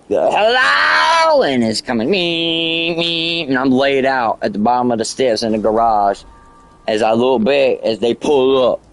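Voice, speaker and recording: A man on a live game stream, casually telling a story in a profane, excitable way. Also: medium pitch. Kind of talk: casual storytelling while gaming.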